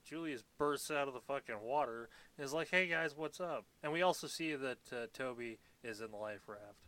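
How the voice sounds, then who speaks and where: A man's voice: medium pitch, fairly quick, fairly bright tone. A man co-hosting a casual podcast, recapping a film with sardonic, swear-laden remarks and mumbled asides. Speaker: podcast co-host. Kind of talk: casual movie recap banter.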